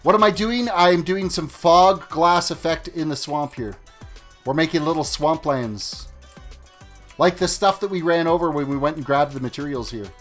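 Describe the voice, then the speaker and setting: A man's voice: fairly high pitch, normal speed. Chatty man streaming a game. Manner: rambling, chatty, talks to chat while playing. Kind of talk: casual live-stream chat. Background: faint music and keyboard typing.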